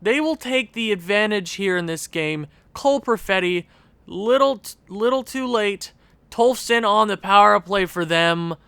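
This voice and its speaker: Slow, exasperated young gaming commentator. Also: male voice, high voice, lively intonation, sharp tone, clear, resonant tone, no room sound. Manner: exasperated, ranting at the game with sighs and laughs. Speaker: gaming video creator. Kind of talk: casual gameplay commentary.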